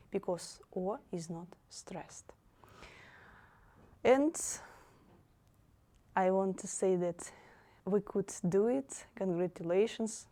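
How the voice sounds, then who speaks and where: A woman's voice: medium pitch, warm tone. A young woman teaching an online language lesson, patiently saying each word twice for learners to repeat.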